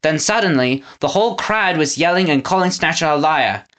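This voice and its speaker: A woman narrating a children's audiobook with an expressive reading style. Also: sits low, moderate pace. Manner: expressive reading, lively intonation. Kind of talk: storybook narration.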